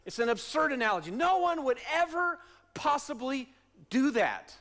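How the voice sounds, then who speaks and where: A male pastor preaching a sermon in a church, using repeated questions and refrains and swinging between soft and loud delivery. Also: very high voice, sing-song, moderate pace. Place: church sanctuary.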